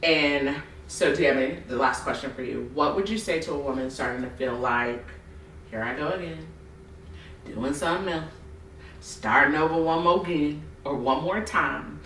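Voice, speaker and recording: A woman hosting a podcast, telling stories in a lively way and acting out other people's voices with frequent laughter. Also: low voice, moderate pace, slight background noise. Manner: animated storyteller acting out voices, laughing often. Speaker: podcast host. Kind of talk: casual podcast chat. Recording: roomy, distant mic.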